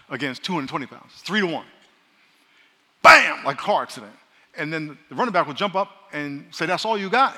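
A pastor with a slightly high, sharp-toned voice jokes with his congregation and leads call-and-response declarations during a sermon. The recording carries the long reverb of a large church hall.

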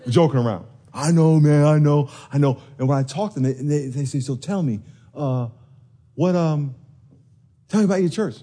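A man preaching a sermon, telling stories with animated energy and acting out the quoted voices. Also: a little high, a little fast. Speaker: pastor.

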